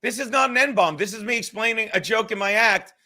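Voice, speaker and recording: On his podcast, a man with a high, bright voice rants fast and swears constantly. Heated, he jumps from one grudge to the next and laughs between jabs, in what plays as a loose, unscripted livestream monologue.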